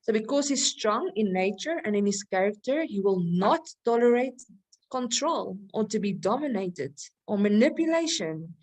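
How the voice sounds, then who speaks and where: A woman's voice: mid-range voice, lively intonation, moderate pace, a little mellow. Chatty woman teaching with rhetorical questions. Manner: conversational, laughs often, asks rhetorical questions and checks with "okay?". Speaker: Christian women's teacher. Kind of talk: teaching a recorded lesson.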